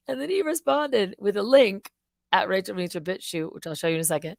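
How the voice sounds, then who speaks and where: A woman live streaming, chatting casually in an excitable, rambling way, swearing and laughing often. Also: mid-range voice, fast, gravelly, dry recording.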